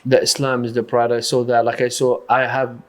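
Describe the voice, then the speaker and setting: A man's voice: medium pitch, flat delivery. A boxing coach, telling stories earnestly in a casual podcast conversation, often restarting his sentences. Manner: earnest, storytelling, halting restarts.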